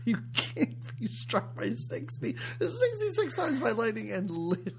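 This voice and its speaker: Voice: medium pitch, huge pitch swings, measured pace, gravelly, slight background noise. A podcast co-host chatting casually about a film, retelling scenes and acting out the characters' lines between laughs. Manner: storytelling, acts out film quotes and laughs mid-sentence. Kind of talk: casual movie chat.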